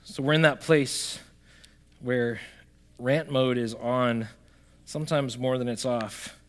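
A man preaching a sermon, talking straight to the congregation, swinging from loud emphatic bursts to quiet, soft lines. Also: mid-range voice, fairly even intonation, slow pace. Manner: conversational, addresses the congregation directly. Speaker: pastor.

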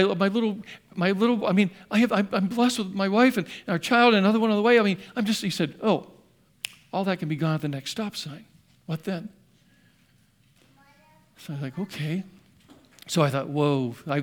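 Animated storytelling male pastor. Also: fairly high pitch. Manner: animated storytelling, acting out both sides of a dialogue. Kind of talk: storytelling sermon.

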